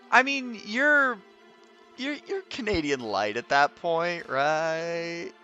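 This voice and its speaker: A man's voice: on the high side, expressive, extremely slow, bright, forceful tone, highs cut off, faint music behind. A young man with a Midwestern American accent chatting casually with viewers while streaming a game, laughing often and trailing off as he reads.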